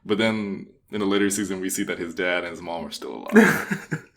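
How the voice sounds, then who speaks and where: A man's voice: low-pitched, big pitch swings, brisk, fairly bright tone, slight background noise. A young man co-hosting a podcast in casual chat, rambling and laughing often. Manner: chatty, giggly, rambling with restarts. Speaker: podcast co-host.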